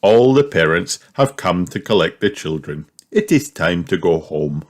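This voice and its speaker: A man narrating a children's storybook aloud in an expressive, storytelling manner. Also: sits low, measured pace.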